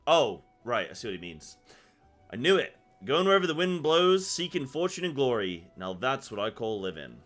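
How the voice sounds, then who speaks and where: A man's voice: medium pitch, sing-song, normal speed, a bit bright, soft background music. A man reading as a chatty ship merchant. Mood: friendly. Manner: reading game dialogue aloud in his own voice.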